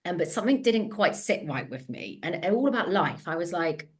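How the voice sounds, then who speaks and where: A woman in her forties with a Devon accent speaks in a slightly low voice. She tells her story as an interview guest, chatty and animated. She often breaks off mid-sentence to start again and laughs easily. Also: a little fast. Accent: Devon English. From England. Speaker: guest, empowerment coach.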